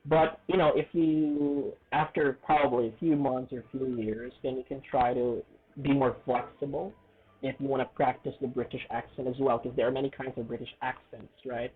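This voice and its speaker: Male English teacher, husky tone, earnest casual lesson, tinny phone-like sound. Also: medium pitch, level tone. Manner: earnest, checks in often with "okay?" and "right?"; stresses words slowly and deliberately.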